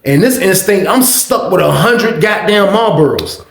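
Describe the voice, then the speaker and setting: A man hosting a storytime vlog, animated and profane, repeating "you know what I mean" often. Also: sits high, unhurried, creaky, roomy sound. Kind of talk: casual storytelling.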